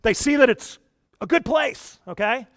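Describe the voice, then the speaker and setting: A male pastor with a rather high voice preaches in an easy, conversational manner. He keeps asking the listeners questions and drops quiet for asides. The sound is dry and close. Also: lively intonation, a little slow, no echo. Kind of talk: sermon.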